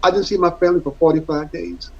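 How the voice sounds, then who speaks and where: A man's voice: on the high side, animated, quick pace, breathy edge. A middle-aged man, telling his story in a candid interview, earnest and rambling, repeating words for emphasis. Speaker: interview guest, former football player. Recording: dull lo-fi audio.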